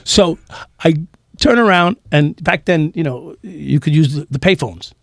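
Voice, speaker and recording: A former police officer of about sixty tells profane stories through laughter in a casual interview. His voice is a little high, expressive, and gravelly, delivered at a measured pace with no echo.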